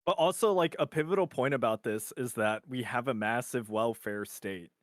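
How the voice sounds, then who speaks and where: A man as guest on a livestream, chatting casually and jumping in with quick rambling points. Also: mid-range voice, no room sound, studio quality. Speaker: guest co-host.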